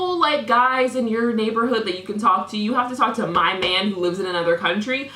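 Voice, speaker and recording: A woman's voice: mid-range voice, expressive, fairly quick, few pauses, bright, forceful tone, echoey room. A young woman vlogger reading out messages with sarcastic, mock-indignant commentary.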